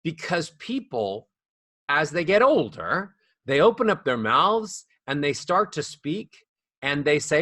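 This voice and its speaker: A man's voice: a little high, sing-song, takes it slowly, pushed and bright, no echo, clean studio sound. A man talking as a voice coach guest on a podcast, playful and acting out the voices of others. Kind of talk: animated podcast conversation.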